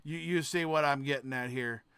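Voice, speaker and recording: A man hosting a reaction video, cursing and ranting as he goes, dropping to mutters and then bursting into shouts, often trailing off and restarting his sentences. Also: mid-range voice, moderate pace, slight background noise. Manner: profane, ranting, swings between mutters and shouts. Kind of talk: casual reaction commentary.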